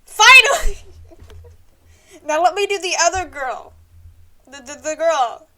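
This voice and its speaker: A woman's voice: high voice, moderate pace. A woman streamer reading through a story game and commenting on it playfully.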